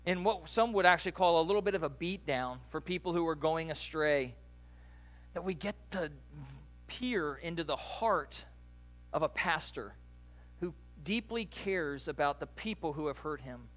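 A male pastor delivering a sermon with a somewhat high-pitched voice. He preaches in a relaxed, conversational way and slips into lively, animated asides. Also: normal speed.

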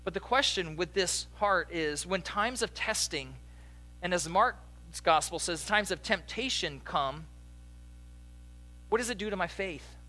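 A young adult male pastor delivers a sermon in a loose, conversational way, telling stories and tossing questions to the congregation. His voice sits high for a man and sounds bright and forward. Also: unhurried. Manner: conversational, animated storytelling with audience asides.

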